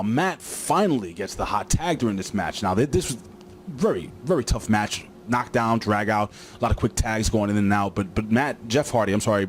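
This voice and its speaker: A man's voice: on the low side, slight background noise. A man casually recapping a wrestling show, rambling with lots of fillers and joking asides.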